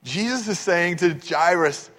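A man from Texas delivers a sermon in a high, bright voice. He tells stories animatedly and keeps asking the congregation questions. His words trail off into the long reverb of a large church hall. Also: expressive, unhurried. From Texas, USA. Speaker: pastor.

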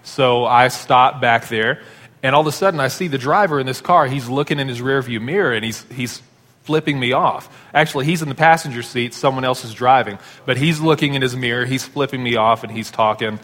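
A man's voice: mid-range voice, a little fast, fairly bright tone. Man preaching with long hall reverb. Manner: conversational storytelling. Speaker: pastor. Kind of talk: sermon.

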